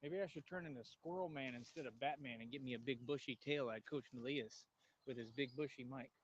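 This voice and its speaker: A man's voice: brisk, a little hiss or hum. Man, outdoor vlog, boastful rambling monologue, dull lo-fi phone audio, faint outdoor background. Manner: boastful, rambling, talks to animals in a high cooing voice. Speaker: vlogger. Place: outdoors near trees.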